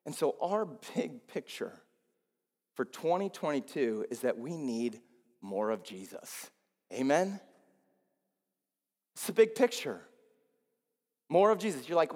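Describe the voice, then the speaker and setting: A male pastor preaching a sermon, swinging between loud rises and low, quiet drops. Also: very animated, unhurried, long pauses. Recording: long hall reverb.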